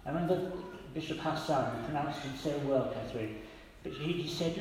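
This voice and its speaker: An older man preaching a sermon, telling stories gently and quoting the people in them. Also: on the high side, brisk, hardly any pauses, slight background noise. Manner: gentle storytelling with quoted voices. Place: church. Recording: echoey church hall with long reverb.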